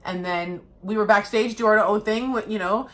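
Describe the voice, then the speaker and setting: A woman's voice: medium pitch, moderate pace, a bit bright. A woman from California co-hosting a theater review, agreeing often and stumbling over her words as she talks. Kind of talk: casual chat.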